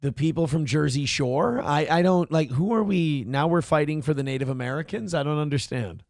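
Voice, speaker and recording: A man's voice: on the high side, a little fast, vocal fry, a little mellow, no room sound, studio quality. A man hosting a morning show, giving crude, sarcastic commentary on a viral video. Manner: sarcastic, crude, mocking impressions. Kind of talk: mocking commentary on a viral clip.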